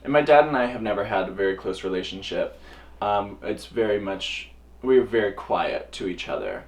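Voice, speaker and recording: A young man and drag performer telling a personal story to camera in a casual, animated way, acting out the voices of others with big jumps in pitch. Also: moderate pace. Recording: voice a little distant from the mic.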